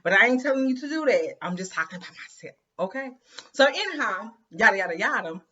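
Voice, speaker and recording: Talking fast with big pitch swings, a woman with a fairly high, bright, forceful voice shares her story on her inspirational women's channel over lo-fi audio. She's chatty and emphatic, frequently addressing viewers as "you guys" and "girl."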